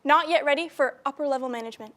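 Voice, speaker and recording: A woman's voice: sits high, rapid-fire, a crowd in the background, close to an everyday voice. A woman as a smug, scheming arch-nemesis. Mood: gloating. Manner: smug, theatrical, gleeful threats. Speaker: guest on a student talk show. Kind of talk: comedy sketch.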